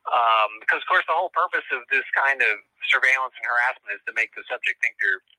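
A man's voice: medium pitch, animated, fast talker, sharp tone, no echo, rough recording. A man, a professor, telling a long story as an interview guest, rambling with many fillers and restarts.

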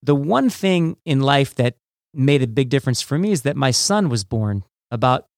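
A man's voice: medium pitch, lively intonation, normal speed, no echo, studio quality. A man, a former judo athlete, hosting an interview in a casual way with many fillers. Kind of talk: podcast interview.

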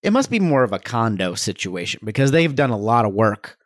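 A man's voice: mid-range voice, very animated, a little fast. Wry man podcast co-host. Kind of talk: casual movie-review chat.

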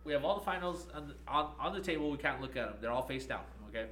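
Bright-voiced young man telling a rowdy story. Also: a little high, fast, a little hiss or hum. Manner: profane, animated, laughing storyteller. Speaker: podcast co-host. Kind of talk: casual storytelling chat.

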